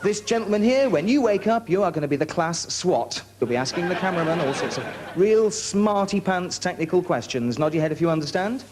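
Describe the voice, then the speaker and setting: A man's voice: high-pitched, animated, a little fast, few pauses, a little hiss or hum. A man hosting a hypnosis show in a TV studio, giving coaxing, commanding instructions to his subjects. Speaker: stage hypnotist and host. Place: TV studio with audience. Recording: VHS TV studio with audience.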